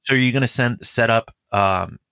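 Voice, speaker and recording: A man's voice: mid-range voice, moderate pace, vocal fry, bright, forceful tone, smooth, dry recording. A man who is a police officer, talking casually and profanely, rambling with lots of "like" and "dude.". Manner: rambling, profane, heavy use of filler "like". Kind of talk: casual podcast chat.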